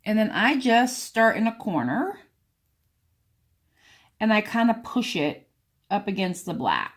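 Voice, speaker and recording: Working through a sewing and painting craft tutorial, a craft vlogger chats casually and talks directly to the viewer as she goes. Her mid-range voice is very animated, though she speaks a little slowly.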